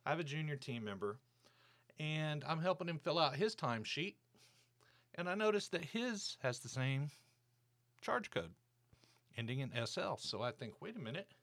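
A man's voice: on the high side, lively intonation, moderate pace, pauses often, a bit bright. A man hosting his own podcast, telling a workplace story in a casual, indignant, ranting way. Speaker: podcast host. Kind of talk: casual monologue.

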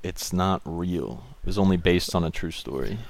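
A man's voice: low-pitched, moderate pace, gravelly. A man chatting casually and joking, rambling through bits and doing goofy impressions. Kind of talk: casual chat.

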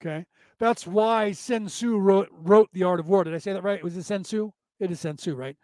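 High-voiced rambling man host. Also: moderate pace, warm tone, no room sound. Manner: rambling, repetitive, preachy. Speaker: podcast host. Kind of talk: casual spiritual talk.

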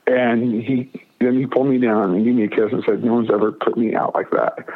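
A husky man telling a story on the radio. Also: mid-range voice, steady tone, fairly quick. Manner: emphatic, repeats and restarts phrases. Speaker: interview guest. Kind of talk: personal storytelling in a radio interview. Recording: narrow phone-like radio audio.

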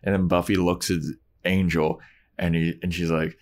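A man's voice: sits low, level tone, normal speed. A man co-hosting a podcast, recapping a show in laid-back casual chat and acting out the lines. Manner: storytelling, laid-back, swears, acts out lines. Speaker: podcast co-host.

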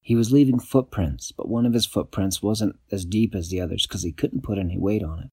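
A man improvising a bedtime story for a child, in an animated, playful way. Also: lowish voice, fairly quick, slightly rough, no echo.

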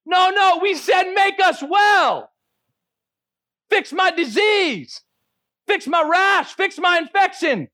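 Desperate shouting lepers, as a preacher puts them on. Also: male voice, expressive, takes it slowly, long pauses, heavily acted. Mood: pleading shouts. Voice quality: high strained shouting. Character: desperate group of lepers crying for mercy.

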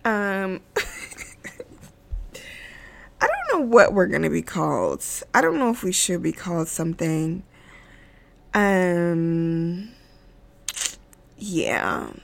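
Tearful woman with a gravelly voice. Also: lowish voice, big pitch swings, takes it slowly, long pauses, no room sound. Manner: emotional, laughing between words, many fillers. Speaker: podcast host. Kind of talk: casual solo chat.

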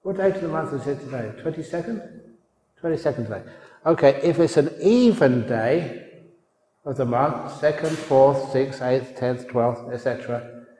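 A man's voice: medium pitch, moderate pace, dark tone. A man giving a humorous sermon as a monk teacher, joking, chuckling and asking his audience questions. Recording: roomy hall reverb.

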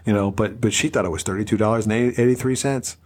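A man chatting casually and telling an animated story, acting out what people said. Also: fairly low pitch, fast talker. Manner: animated storyteller, acts out quotes.

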